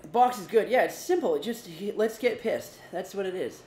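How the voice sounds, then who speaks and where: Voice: mid-range voice, expressive, a little fast. A co-host of a casual beer review livestream, chatty and teasing, swearing casually. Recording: roomy room with faint noise.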